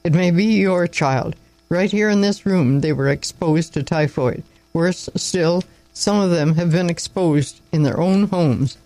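A man's voice: on the high side, a little slow, low-quality recording. A man reading a story aloud and voicing a weary young country doctor who speaks curtly and with contempt. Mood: angry. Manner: curt, contemptuous, sharp.

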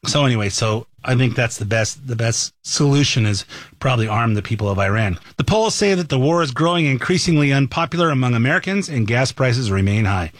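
A man's voice: mid-range voice, fast, no room sound. A man hosting a talk show, giving opinionated news commentary in a folksy, storytelling way. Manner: folksy, animated storyteller who voices quotes.

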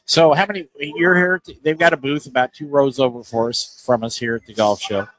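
A man's voice: medium pitch, steady tone, brisk, a bit bright, poor audio. A man hosting a casual interview at a golf show booth, asking easygoing, rambling questions.

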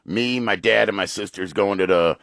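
A man's voice: on the low side, normal speed, vocal fry, fairly bright tone, no echo, clean studio sound. A man co-hosting a casual talk show, blunt and emphatic in his remarks. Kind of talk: casual chat.

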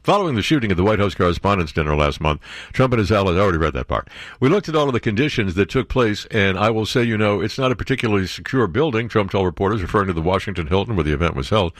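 A man hosts a talk radio show, reading the news aloud and cutting in with mocking, sarcastic remarks. His pitch swings widely as he jabs at what he reads, and the sound is close and dry, with no room echo. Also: animated, racing. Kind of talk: opinionated talk radio commentary.

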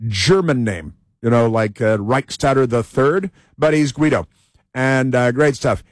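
A man's voice: mid-range voice, expressive, normal speed, no echo. Sarcastic male talk radio host. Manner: sarcastic, mocking.

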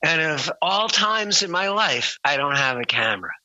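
A man with a very bright, sharp voice tells an anecdote with gusto and slips into the voices of the people in it. The sound is dry and close, with no room around it, and the recording is a little dull and lo-fi. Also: on the high side, moderate pace, dry recording. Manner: lively storyteller who acts out quoted voices. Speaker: musician and author. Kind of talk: telling an anecdote.

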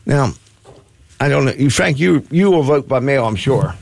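A man's voice: medium pitch, lively intonation, moderate pace, creaky, a little mellow. A man hosting a radio talk show, rambling in a self-mocking curmudgeonly way with many restarts and asides. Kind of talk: folksy talk radio banter.

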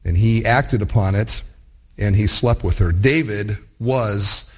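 A male preacher giving a sermon, telling stories in an animated way and acting out the voices he quotes. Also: fairly low pitch, slow pace.

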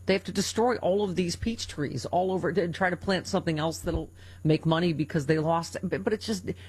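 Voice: medium pitch, a little fast, husky. A talk show host from California, ranting sarcastically through casual political banter.

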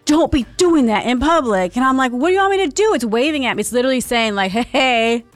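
A woman's voice: sits high, expressive, fast talker, no echo, soft background music. A woman co-hosting a morning radio show, blunt and outspoken as she jokes with the others. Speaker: radio co-host.

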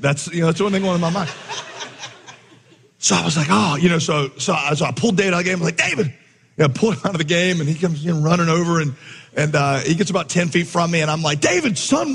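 A man, a pastor, telling a lively coaching story within a sermon, acting out the voices and laughing along. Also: high voice, husky. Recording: long hall reverb.

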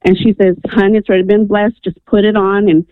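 Calling a radio program from New Mexico, this woman speaks in a mid-range, fairly flat voice at a rather quick clip, sharing her own story sincerely and with plenty of ums. The telephone audio is tinny and dry, with no echo.

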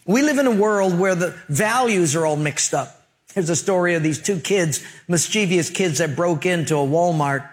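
Man, pastor, sermon, fairly high voice, emphatic, storytelling, conversational. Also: normal speed.

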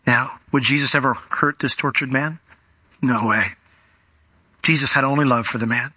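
A man preaching a sermon in an animated way, slowing down and speeding up as he tells a Bible story. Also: mid-range voice, slightly rough, no room sound. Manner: animated, acts out quoted voices, varies pace.

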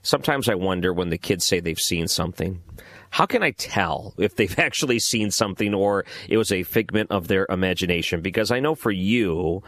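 Radio host, male, very low voice, measured and conversational, dry studio sound. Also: fairly bright tone, no echo. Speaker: radio talk show host. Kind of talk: late-night radio interview.

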